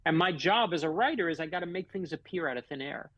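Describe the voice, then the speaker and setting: A man's voice: on the high side, fast talker, dry recording, muffled recording. A man, a guest author, telling personal stories in a radio interview and acting out the dialogue in them. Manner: animated storyteller, acts out quoted dialogue.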